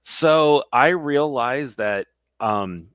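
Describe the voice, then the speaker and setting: A man's voice: mid-range voice, lively intonation, extremely slow, a bit bright, clean tone, no room sound, clean studio sound. A young man who laughs often and acts out movie scenes while chatting casually as a podcast co-host. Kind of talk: casual chat about movies.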